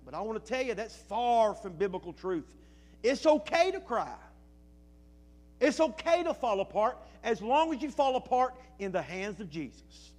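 Preacher guy with a high voice, goes quiet then slows down and hits words hard. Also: sing-song. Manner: preaching with rising and falling intensity, slow emphatic phrases. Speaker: pastor. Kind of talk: sermon.

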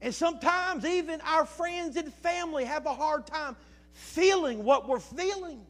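A male pastor preaching a sermon, moving between quiet reflective phrases and slow, emphatic declarations. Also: extremely high pitch.

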